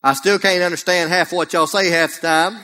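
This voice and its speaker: A man's voice: high voice, fairly even intonation, a little fast, bright, forceful tone, slight background noise. A man from Alabama with a Southern accent, preaching a folksy, humorous sermon as a guest speaker, often raising his voice. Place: church sanctuary. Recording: long church reverb.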